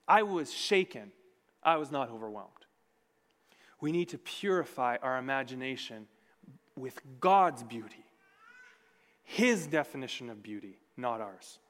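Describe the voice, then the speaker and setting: A man preaching a sermon in a church, earnest and conversational, with sudden swings between loud and soft. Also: medium pitch, expressive, unhurried, long pauses. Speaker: pastor. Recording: long reverb of a large hall.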